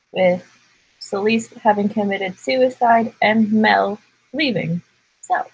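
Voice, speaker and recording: Husky-voiced woman co-hosting a chat. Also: medium pitch, rough recording. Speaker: co-host. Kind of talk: casual discussion.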